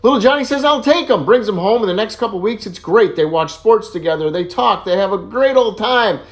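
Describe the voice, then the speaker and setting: A man telling jokes in a casual, animated way, laughing at his own punchlines. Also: sits high, fairly quick. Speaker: joke teller.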